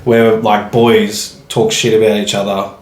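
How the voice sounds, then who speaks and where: A man's voice: fairly low pitch, flat delivery, unhurried, echoey room. A man with an Australian accent co-hosting a casual podcast, chatting in a laid-back, sweary way. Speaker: podcast co-host.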